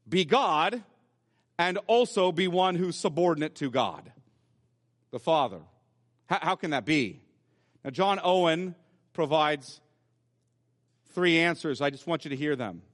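A male pastor preaching in a church, his fairly high voice carrying a long hall reverb. He walks the listener through scripture point by point, in a patient teaching manner. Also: a bit bright. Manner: teaching, explaining scripture step by step. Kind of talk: sermon. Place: church sanctuary.

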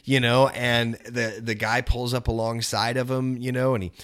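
A man's voice: medium pitch, level tone, moderate pace, clean tone. Rambling man retelling movie scenes. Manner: rambling storyteller, acts out quotes loudly. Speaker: podcast co-host. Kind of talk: casual movie chat.

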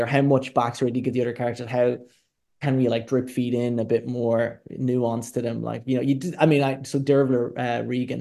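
A man with a slightly gravelly, mid-pitched voice talks as an interview guest. He is candid and reflective, and his thoughts wander loosely as he explains how he works. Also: mellow. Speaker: film director, guest. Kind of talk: casual interview talk.

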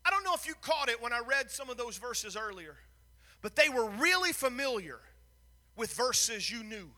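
A male pastor with a very high, piercingly bright voice, preaching with fervor that swings between hushed confession and loud shouts. His sermon carries a long reverb in a church sanctuary. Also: very animated, moderate pace.

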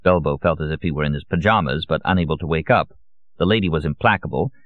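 A man with a very low voice narrates a novel at an even, measured pace. The recording is dry and close, with a dull, lo-fi sound. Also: no room sound. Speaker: audiobook narrator. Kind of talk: scripted narration. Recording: dull, lo-fi audio.

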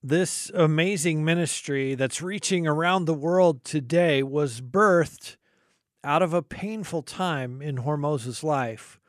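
A man hosting a faith broadcast, introducing his guest in a smooth, polished style. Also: a little high, slow pace, no echo, studio quality. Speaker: host. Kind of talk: scripted intro and interview.

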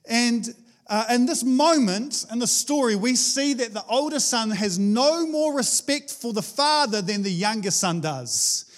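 A man with a high-pitched voice preaching in a relaxed, conversational way. He talks animatedly, like a chat with friends, often restarting his sentences mid-thought. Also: measured pace. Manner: animated, chatty, with many restarts. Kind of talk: casual conversational sermon.

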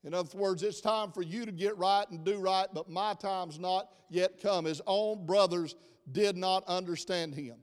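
A man's voice: high-pitched, moderate pace. A middle-aged man preaching a sermon in a church, folksy and chatty, joking with his congregation. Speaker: pastor. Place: church sanctuary. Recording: long reverb of a church hall.

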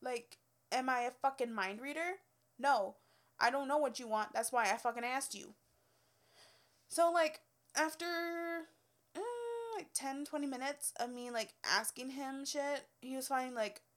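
A woman's voice: high voice, a little slow, fairly bright tone. Blunt, profane young woman ranting. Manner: blunt, profane, exasperated, laughs often. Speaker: former hairstylist telling work stories. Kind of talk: casual storytelling rant.

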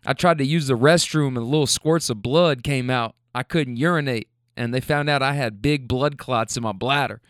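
A man voicing a laid-back middle-aged male passenger who talks in a relaxed, chatty, matter-of-fact way. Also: medium pitch, moderate pace, hardly any pauses, no echo, studio quality, pitched below the performer's own voice, close to an everyday voice. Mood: recounting.

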